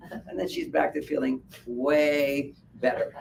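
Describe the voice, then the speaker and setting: A man giving a live talk at a fair, animated and laughing at his own points as he acts out little quotes. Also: mid-range voice, unhurried, creaky. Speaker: speaker at a wellness fair. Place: event room at a hotel fair. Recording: distant mic with faint background noise.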